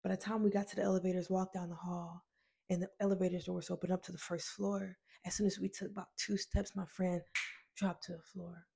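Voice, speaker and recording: A woman's voice: fairly low pitch, level tone, a little fast, vocal fry, mellow, husky. A woman giving a motivational talk, telling a personal story in an earnest, emotional way, addressing listeners as friends and repeating key phrases. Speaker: motivational speaker.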